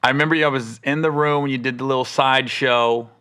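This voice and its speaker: A man's voice: medium pitch, brisk, clean tone. A man hosting a comedy podcast, chatting casually and acting out quoted lines as he tells a story. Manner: animated storyteller, acts out quotes. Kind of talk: casual chat.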